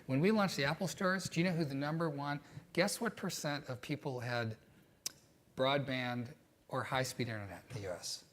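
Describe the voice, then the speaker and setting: A man in a conversational interview, mid-pitched and easygoing. He tells his stories in a reflective way, sometimes animated, and drops frequent "you know" fillers as he thinks aloud. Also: moderate pace. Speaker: guest.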